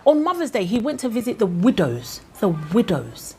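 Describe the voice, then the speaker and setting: A woman's voice: medium pitch, big pitch swings, normal speed, few pauses, mellow, slight background noise. A woman with a Ghanaian accent giving impassioned, indignant commentary full of rhetorical questions.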